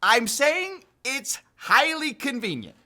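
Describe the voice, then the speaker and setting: High, animated sarcastic commentator man. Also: slow pace. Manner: incredulous, mocking, laughs at the news. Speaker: commentary video host.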